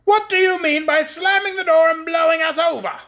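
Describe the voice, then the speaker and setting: A man voicing a stiff, fussy male paper soldier who sounds shrill and indignant. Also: fairly even intonation, a little fast, fairly bright tone.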